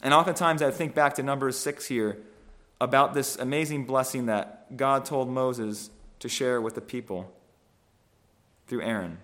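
A man giving a conversational sermon on a scripture passage, thoughtful and halting, often restarting phrases and checking in with "right?". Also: medium pitch, a bit bright. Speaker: preacher.

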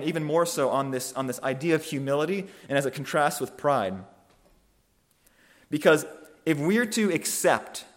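A man preaching a sermon, thoughtful and measured, often restarting phrases and slowing down for emphasis. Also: fairly high pitch.

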